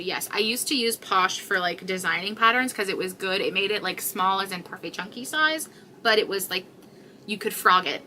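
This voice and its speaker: A woman's voice: medium pitch, sharp tone, slight background noise. A woman hosting a crochet livestream, chatting casually with viewers in a rambling way with many fillers, tired and yawning. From Canada.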